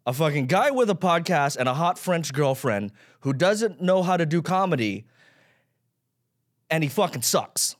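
His voice is fairly high with big swings in pitch and moves at a normal speed. He's a podcast host in his thirties, swearing and rambling through a self-deprecating solo rant about himself.

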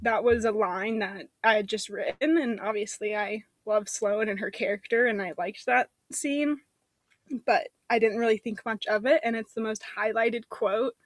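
A woman's voice: fairly high pitch, no echo. A woman author chatting casually on a podcast, upbeat and chatty. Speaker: author guest.

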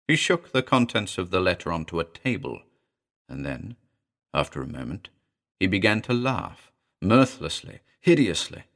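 A low-voiced man reads a classic horror tale aloud, expressive and suspenseful. His delivery rises and falls dramatically across each sentence. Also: normal speed, creaky. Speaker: narrator. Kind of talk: dramatic audiobook reading.

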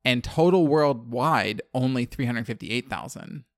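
A man's voice: mid-range voice, a little slow, dry recording. A man co-hosting a casual horror podcast, talking in a rambling way and often correcting himself mid-sentence. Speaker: podcast co-host.

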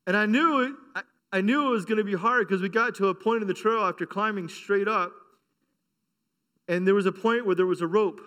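A middle-aged male pastor delivers a sermon in a high, ringing voice. He tells stories with a chuckle, then builds to a fervent, insistent call. His tone is bright and carries well. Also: fairly quick. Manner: storytelling with laughs, building to fervent preaching.

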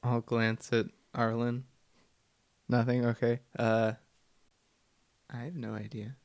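A man making dry, deadpan remarks as a player in a tabletop game. His voice sits at an ordinary middle pitch. It is recorded close and dry, with no room sound around it. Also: takes it slowly, smooth, no echo.

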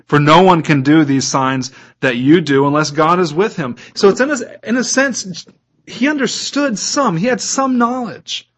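A man's voice: a little high, moderate pace, a bit bright, slightly rough. A man preaching a sermon as a pastor, reading scripture aloud and putting questions to his listeners.

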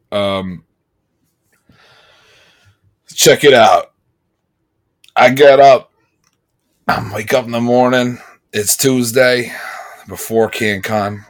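A man with a somewhat low voice chatting casually on a podcast. He rambles through anecdotes and acts out the people in them, jumping between topics in a loose, informal way. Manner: rambling storyteller, animated when quoting others. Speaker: podcast co-host. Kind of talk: casual chat.

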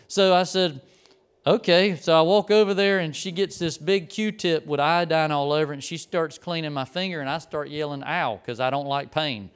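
A middle-aged man preaching, telling a lively personal story and acting out the people in it. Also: a little high, moderate pace, hardly any pauses, clean tone. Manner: animated storyteller, acts out the people in his story. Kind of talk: storytelling sermon.

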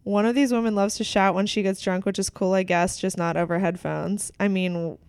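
A woman co-hosting a podcast at home, talking casually and laughing often. Her voice is smooth and clear, recorded close and dry on a studio mic. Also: medium pitch, steady tone, a little fast, darkish tone, dry recording. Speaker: podcast co-host. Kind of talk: casual chat.

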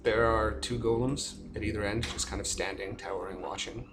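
Lowish-voiced man running a tabletop game. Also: fairly even intonation, a little fast, heavy background noise. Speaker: game master.

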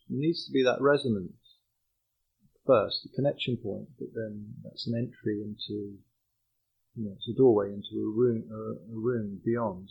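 A man with a raspy, gravelly voice muses aloud, reaching for images as he works through an idea. The recording sounds dull and lo-fi. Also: medium pitch. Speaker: interviewee. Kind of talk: conversational answer.

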